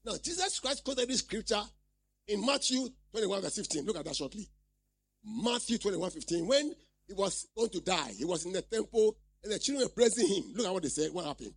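A man's voice: high-pitched, very animated, brisk, slightly rough. A man preaching a sermon, reading scripture aloud and repeatedly asking the congregation questions. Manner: reads scripture aloud and explains it.

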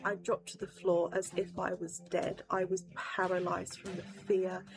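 A woman's voice: on the low side, flat delivery, unhurried, vocal fry. A woman giving a personal testimony of a vision, solemn and dramatic.

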